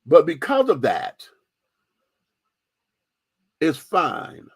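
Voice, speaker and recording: A man's voice: on the high side, huge pitch swings, extremely slow, husky, no echo. A man hosting a radio show, giving a candid, profane, sassy opinion monologue with lots of emphasis.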